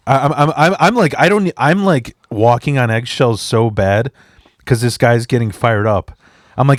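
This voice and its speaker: A man's voice: mid-range voice, normal speed, no room sound, clean studio sound. A man telling stories in a casual podcast chat, rambling and profane, acting out both sides of the conversation. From immigrant. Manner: profane, rambling, animated retelling. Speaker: podcast guest, standup comedian.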